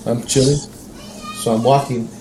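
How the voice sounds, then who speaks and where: A man telling a story in a casual podcast chat, animated and profane, acting out the quotes. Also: mid-range voice, normal speed, roomy sound, slight background noise. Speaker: podcast co-host.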